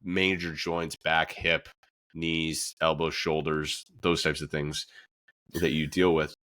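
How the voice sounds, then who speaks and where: Chatty man, bright and dry. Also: rumbling low, level tone, slow, no room sound. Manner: chatty, many fillers, laughs often. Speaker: podcast host. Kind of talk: casual podcast conversation.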